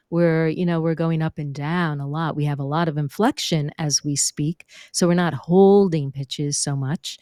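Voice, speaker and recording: Her voice is deep as this middle-aged guest, a speaking and vocal coach, spins lively interview stories, performing what others said and demonstrating vocal fry. The sound is dry and clean from a close studio microphone.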